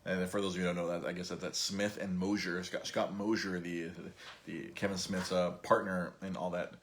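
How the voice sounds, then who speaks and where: A man's voice: low-pitched, flat delivery, brisk. A man in his thirties hosting a podcast, telling stories in a rambling, laughing way with many restarts. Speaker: podcast host. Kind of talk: casual storytelling chat.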